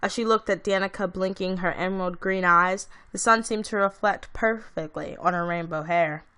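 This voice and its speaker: A woman's voice: fairly low pitch, fairly even intonation, moderate pace, pushed and bright, clear, resonant tone. A woman reading her own fantasy story aloud in a plain way, with small stumbles. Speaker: amateur reader.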